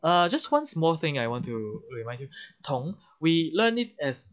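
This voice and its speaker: A man with a Hong Kong English accent teaches a language lesson online, his voice on the high side, very animated and fairly bright at a normal speed. He explains patiently, offering plenty of examples and saying "uh-huh" often. The recording is dull and lo-fi.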